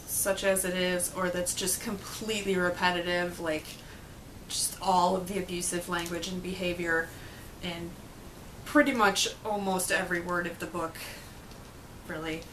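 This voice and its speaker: A woman's voice: on the low side, level tone, moderate pace, a bit bright, slight background noise, poor audio. A young woman chatting casually to camera about a book, blunt, sarcastic and swearing freely. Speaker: book reviewer vlogger.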